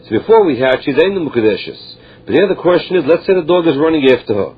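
A man's voice: on the high side, big pitch swings, fast, slightly rough. A man teaching a Talmud class, reading Aramaic phrases and explaining each one in plain English. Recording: dull lo-fi recording.

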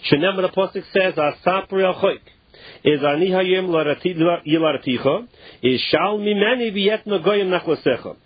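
High-voiced man teaching a Talmud class. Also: husky, dry recording. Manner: reads Aramaic phrases slowly, then explains in casual English with many "like"s. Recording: muffled, dull and dry lo-fi recording.

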